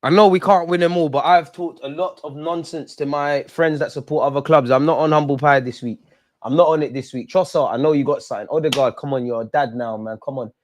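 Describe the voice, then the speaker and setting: Young guy reacting live to the match, pleading with players then yelling when they score. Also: a little high, brisk. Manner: excitable, talks to the players on screen; shouts and yells at goals and chances. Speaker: football watch-along host. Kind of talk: live match watch-along commentary.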